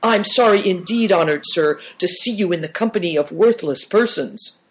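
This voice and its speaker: A man's voice: high-pitched, normal speed, pitched above the performer's own voice, close to an everyday voice. A man reading aloud and voicing a sturdy middle-aged uncle with a slight stutter, servile and apologetic.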